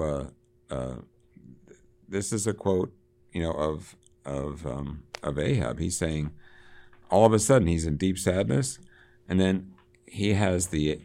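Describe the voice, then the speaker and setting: A man's voice: extremely low pitch, mellow. A man in a casual book discussion who reads passages aloud with lifted emphasis and laughs often.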